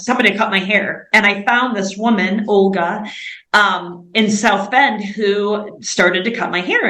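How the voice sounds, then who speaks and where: An earnest American woman in her forties talks through an interview at an ordinary pitch, her sentences strewn with "like" and "um". The room around her is echoey and roomy. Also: fairly bright tone. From United States. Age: 40s. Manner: earnest, many fillers like "like" and "um". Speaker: missionary guest. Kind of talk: interview conversation.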